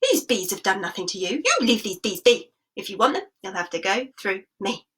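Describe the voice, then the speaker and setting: A woman's voice: medium pitch, big pitch swings, brisk, fairly bright tone, slightly rough, voice pushed down. A woman voicing the kind youngest brother, speaking firmly in a storybook tale. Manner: firm, protective.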